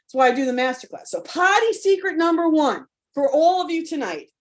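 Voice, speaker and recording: A spirited woman coach talks straight to her audience in a live online session. Her voice sits a little high, and she is blunt and cheerfully profane, keeping it loose and conversational. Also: sing-song, brisk. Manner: frank, spirited, curses freely; conversational, rallying.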